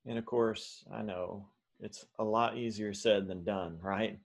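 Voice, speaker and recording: A male pastor preaching a sermon in an animated way, with fillers and restarts. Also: lowish voice, unhurried, gravelly.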